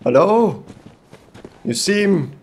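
A man's voice: high-pitched, lively intonation, drawn-out words, a little mellow, slight background noise. A man from Belgium doing in-character gameplay commentary, theatrical and playfully gallant, with comic outbursts. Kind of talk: in-character let's-play commentary.

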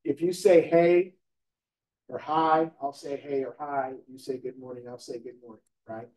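Recorded from a distance in an echoey room, this real estate trainer teaches a live class with a mid-range, slightly mellow voice, fairly even intonation and a moderate pace. He keeps it conversational, often posing questions to the room and checking in with "right?".

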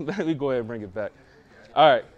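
A man's voice: medium pitch, animated, fast, dull audio. A young man performing a live battle rap verse, punchy and confrontational, repeating lines for emphasis. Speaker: battle rapper.

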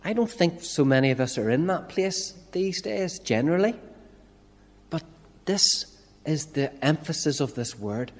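A man's voice: fairly high pitch, lively intonation, unhurried. A man with a Northern Irish accent preaching a sermon as a minister, talking conversationally and asking rhetorical questions. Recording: church reverb.

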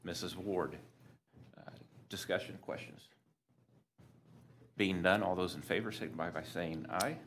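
Man, very deep voice, board president running votes, formal procedural phrasing, faint background hum. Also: steady tone, unhurried, long pauses, a bit bright. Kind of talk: chairing a board meeting. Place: meeting room.

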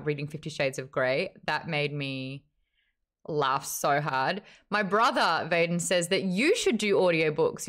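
A woman hosting a casual livestream book chat, talking in a chatty, animated way and reading viewer messages aloud. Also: on the low side. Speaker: host.

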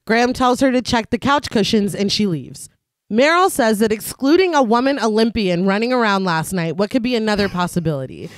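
A woman's voice: mid-range voice, animated, fairly quick, no room sound. Woman podcaster, plot recap, casual and laughing, dry close sound. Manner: reads plot summary, laughs often. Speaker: podcast co-host. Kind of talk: casual recap narration of a film.

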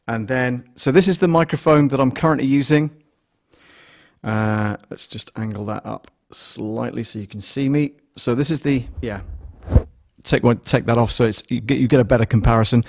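Man, live stream host, casual rambling talk, mid-pitched voice, mic check counting, close condenser mic, small studio. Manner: rambling, thinks aloud while setting up gear. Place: small studio with a mixing desk. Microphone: desktop condenser microphone, close.

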